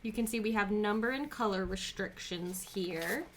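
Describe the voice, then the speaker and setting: A woman's voice: mid-range voice, normal speed, a little hiss or hum. A woman co-hosting a livestreamed board game demo, chatting casually and explaining each step as she plays. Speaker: co-host demoing board games.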